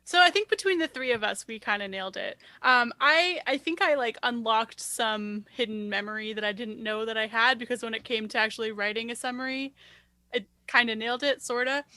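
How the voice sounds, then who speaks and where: A woman's voice: on the high side, brisk, sharp tone, no echo. A woman co-hosting a podcast, chatting casually and hedging with frequent restarts. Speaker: podcast co-host. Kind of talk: casual chat.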